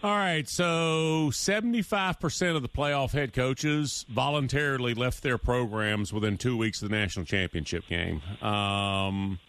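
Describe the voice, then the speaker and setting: A man hosting a sports talk radio show, talking emphatically. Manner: animated, emphatic, shifts pitch a lot.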